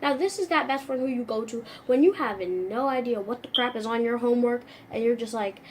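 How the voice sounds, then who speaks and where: A young woman vlogging in a comedic, animated way, full of sarcasm and acted-out little scenes. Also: fairly high pitch, brisk, slight background noise. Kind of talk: comedic vlog monologue.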